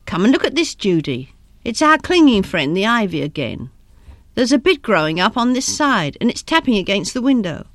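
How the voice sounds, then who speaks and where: A woman voicing Gus, a brisk, impatient man who talks brusquely. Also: mid-range voice, big pitch swings, dry recording, clean studio sound, close to an everyday voice. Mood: testy. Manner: brusque, testy.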